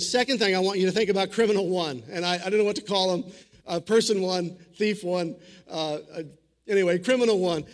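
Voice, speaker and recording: A man preaching a sermon in an earnest, conversational way, often restarting his sentences. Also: high-pitched. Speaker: pastor.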